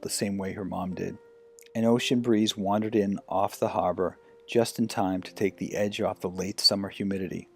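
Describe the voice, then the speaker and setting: A man reading a romance short story aloud as an audiobook narrator, telling it in a gentle, unhurried way. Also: lowish voice, gravelly. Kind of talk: scripted narration.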